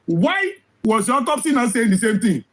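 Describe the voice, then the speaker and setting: A man delivers impassioned commentary, his voice unusually high for a man. He is hoarse, as if losing his voice. He hammers his points with rhetorical questions and repeated phrases, recorded close to the mic. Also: very animated, moderate pace, a bit bright, low-quality recording. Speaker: social commentator.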